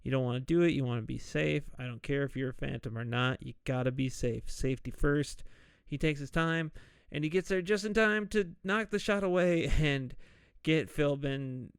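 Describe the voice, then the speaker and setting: A man hosting a podcast, slowly and casually retelling a movie's plot with jokey asides. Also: medium pitch, clean tone, dry recording, clean studio sound. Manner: slow, laid-back retelling with jokey asides and mock quoted voices. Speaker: podcast host. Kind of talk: casual solo movie recap.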